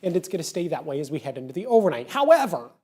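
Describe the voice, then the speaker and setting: Quick chatty weather guy on local tv, upbeat forecast. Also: on the high side, very animated, warm tone, breathy edge. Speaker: meteorologist.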